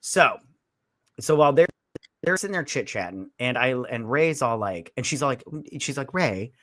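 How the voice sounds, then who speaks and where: A man's voice: medium pitch, animated, normal speed, a bit bright, no room sound. Co-host, male, loose rambling retelling of scenes, dry mic. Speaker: podcast co-host. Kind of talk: casual movie review chat.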